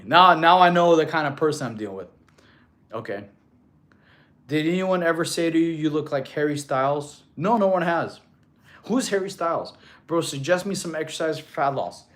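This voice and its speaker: A man in his thirties talks through a live stream, reading messages aloud and answering them in an easy, laid-back manner. His voice sits a little high for a man, and he calls people bro. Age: 30s. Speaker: fitness streamer.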